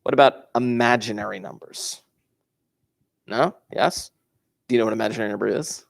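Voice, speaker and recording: A man's voice: mid-range voice, normal speed, vocal fry. Man teaching math in a classroom. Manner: explains step by step, repeats key points. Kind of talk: classroom lecture.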